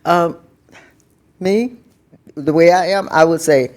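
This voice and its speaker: A woman's voice: fairly low pitch, slow pace, a little mellow. An older woman speaking as a guest in casual conversation, plainspoken and folksy, giving firm advice. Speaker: guest, host's mother.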